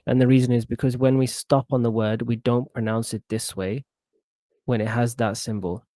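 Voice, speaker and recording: A man teaching Quran reading one-on-one, patient, repeating words slowly syllable by syllable. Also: mid-range voice, little pitch movement, mellow, dry recording. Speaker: Arabic teacher.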